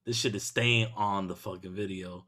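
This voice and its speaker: A man from Brooklyn, hosting a podcast in casual, profane, excitable chat and laughing often. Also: low voice, normal speed. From Brooklyn, New York. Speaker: podcast host.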